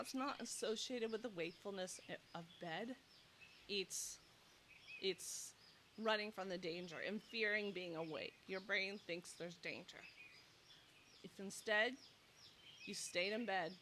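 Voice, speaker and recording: A bright, clear-toned woman in her thirties talks straight to camera as a nurse, animated and acting out anxious inner thoughts. She is slightly out of breath, recorded outdoors on a clip-on mic with a faint hiss behind her. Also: mid-range voice. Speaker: nurse and sleep coach. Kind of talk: casual direct-to-camera advice talk. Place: outdoors in humid heat. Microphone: clip-on mic, loosening.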